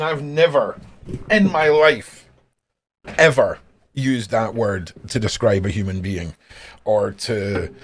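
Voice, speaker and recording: A man from Scotland with a Scottish accent, narrating a feud and reading messages aloud in a sarcastic, mocking, profane way. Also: medium pitch. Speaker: YouTuber.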